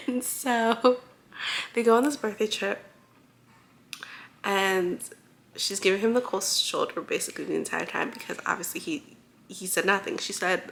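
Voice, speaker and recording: Giggly young woman with a gravelly edge. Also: mid-range voice, normal speed. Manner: chatty, giggly, excited retelling with many "like"s. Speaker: book vlogger. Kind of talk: casual book recap vlog.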